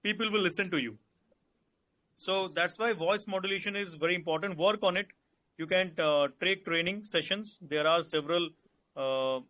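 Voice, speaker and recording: A man with an Indian English accent giving calm, instructive interview advice and repeating his key points. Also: on the high side. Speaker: interview coach. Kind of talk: advisory Q&A session.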